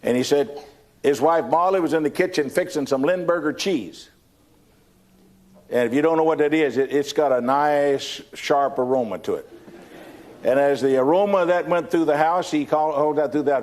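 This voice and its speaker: A man's voice: a little high, moderate pace, darkish tone. An older man with a Texan accent, telling a folksy testimony in a sermon, often repeating words as he starts a sentence. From Texas. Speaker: preacher giving a testimony. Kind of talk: storytelling sermon.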